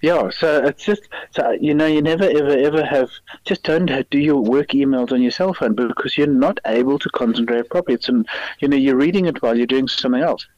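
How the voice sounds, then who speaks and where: A man's voice: mid-range voice, brisk, darkish tone, no echo. A man, an attorney, confidently giving advice and anecdotes as a podcast guest. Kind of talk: casual podcast chat. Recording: dry, muffled lo-fi audio.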